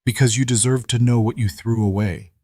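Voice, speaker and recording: A man's voice: medium pitch, steady tone, a little fast, warm tone, no room sound, natural voice. A man voicing a defiant pregnant young wife, cutting and bitter, in an audiobook reading.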